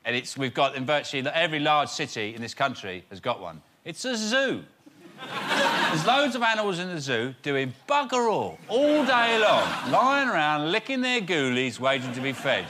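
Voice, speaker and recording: A man on a comedy panel show, riffing absurd jokes in a deadpan, rambling way. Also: on the high side, moderate pace, background noise.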